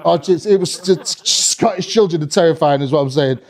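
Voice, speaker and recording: A man's voice: fairly high pitch, a little fast, hardly any pauses. A man doing stand-up comedy, telling a rambling, swearing story with lots of restarts. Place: comedy club stage.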